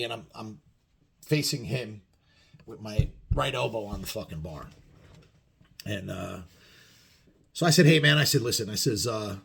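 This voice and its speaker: A man's voice: lowish voice, husky. A man telling a bar-fight story casually to camera, swearing constantly and acting out the quoted lines with bursts of volume. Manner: profane, conversational, acts out quoted lines loudly. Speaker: storyteller biker vlogger.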